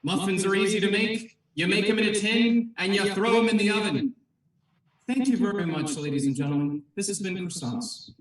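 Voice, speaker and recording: Guy with a high voice going all grand and formal in a fake trial, sounds far off and echoey. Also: moderate pace, a little hiss or hum. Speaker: improv performer arguing for croissants. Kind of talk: mock courtroom improv argument. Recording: echoey room, far from mic.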